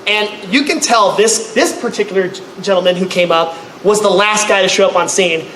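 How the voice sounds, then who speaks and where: A man tells a funny story to a crowd at a convention panel, his voice high and bright. He bursts into loud, shouted impressions of the people in his tale. The room around him is echoey, with faint hiss underneath. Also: a little fast. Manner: animated, acts out others with loud high-pitched outbursts. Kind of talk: comedic storytelling to a live audience.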